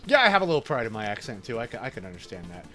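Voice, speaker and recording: A man's voice: medium pitch, big pitch swings, racing, sharp tone, faint music behind. A man from New York with an Italian-American New York accent, chatting casually and laughing while streaming a game. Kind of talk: casual chat while gaming.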